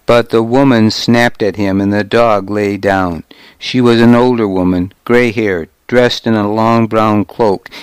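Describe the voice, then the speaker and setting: A man narrating a historical novel in the first person, with measured, steady storytelling. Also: on the low side, clean tone, no room sound. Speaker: audiobook narrator.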